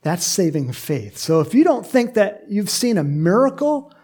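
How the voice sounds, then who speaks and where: A man's voice: high voice, big pitch swings, a little slow, a little mellow, slightly rough. A man preaching a conversational sermon as pastor, talking directly to the congregation and acting out little voices to make his points.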